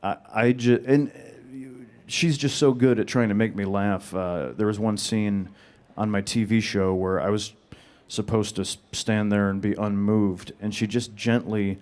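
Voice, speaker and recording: A man with a flat, monotone, deadpan delivery, answering audience questions on a panel. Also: lowish voice, measured pace, few pauses.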